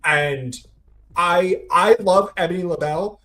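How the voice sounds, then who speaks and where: A man's voice: sits high, a little slow, sharp tone. A man co-hosting a casual podcast, sharing opinions with frequent restarts. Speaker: podcast co-host. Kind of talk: casual chat.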